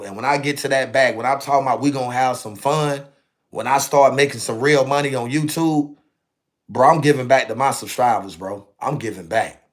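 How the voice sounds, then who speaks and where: A man's voice: mid-range voice, fairly bright tone. A young adult man hosting his own channel, talking casually and animatedly to viewers on a live stream and ending phrases with "bro" and "man". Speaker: channel host.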